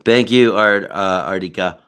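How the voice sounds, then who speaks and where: A man chats on his live stream in a loose, profane ramble, with lots of fillers and restarts. His voice has a bright, sharp edge to it. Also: low voice, unhurried, clear, resonant tone. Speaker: livestream host. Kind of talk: casual live-stream chat.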